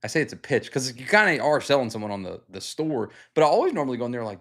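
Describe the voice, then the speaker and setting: A young man from the United States hosting a livestream, telling a story in a casual, animated way, full of fillers, acted-out quotes and swearing. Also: mid-range voice, brisk. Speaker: livestream host.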